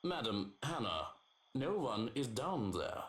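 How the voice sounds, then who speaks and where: A woman voicing a stoic, formal older male head butler with a German accent, speaking politely and in measured tones. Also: rumbling low, sing-song, echoey room, voice pushed down, exaggerated voice. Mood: formal calm.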